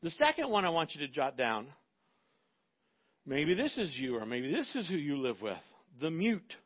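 A man's voice: on the high side, very animated, moderate pace, slightly rough, highs cut off. A man preaching a sermon as pastor, conversational and emphatic, with rhetorical asides to the congregation.

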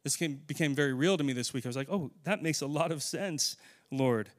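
A man preaching a sermon in a church, earnest, slowing and softening into prayer. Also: fairly high pitch. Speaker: pastor.

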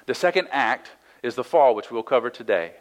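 A pastor with a mid-range voice gives a conversational sermon, speaking briskly and with animation. He reads Bible verses aloud and then explains them, often adding "right?" asides, on a rough recording.

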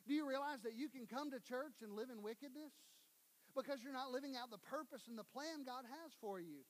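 A male pastor with a Southern US accent, preaching a sermon and acting out quoted voices. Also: extremely high pitch. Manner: animated preaching with acted-out quotes.

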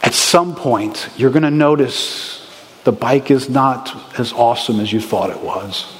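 A man preaching a sermon in a lively, conversational way, with bursts of excitement. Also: mid-range voice, measured pace. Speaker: pastor. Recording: reverberant hall with faint ambience.

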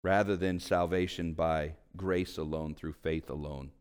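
A man, a pastor, preaching a sermon with animated swings in pitch and volume, telling stories along the way. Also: measured pace, clean tone.

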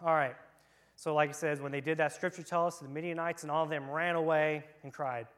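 In a church room full of kids, a children's church leader runs an interactive Bible lesson, reading scripture and cracking playful, casual jokes. His voice sits on the high side, with a steady tone, a brisk pace, and a slightly bright quality.

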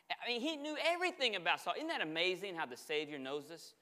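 A man preaching a sermon as pastor, telling stories in an animated way and acting out the dialogue. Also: high-pitched, fast, long reverb tail. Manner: animated storytelling, acts out dialogue. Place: church sanctuary.

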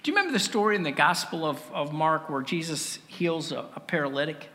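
A man preaching a sermon with earnest rhetorical questions and dramatic pauses. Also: a little high, expressive, pushed and bright, in a large hall. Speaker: pastor.

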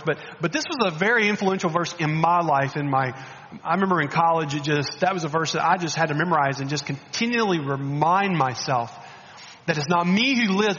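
Guy preaching a sermon, high bright voice, lots of restarts, dull sound with long hall echo. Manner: animated, repeats words and restarts, coaxing the congregation. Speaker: guest preacher.

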